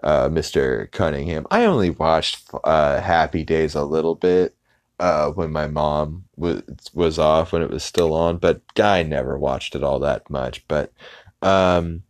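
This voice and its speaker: A man with a very low voice casually recaps a cartoon episode for his podcast. He rambles and stops and starts, slipping into quick impressions of the characters as he goes. He is recorded close up in a dead, dry space. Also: dry recording. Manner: rambling, halting retelling that loosely acts out characters' lines. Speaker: podcast host.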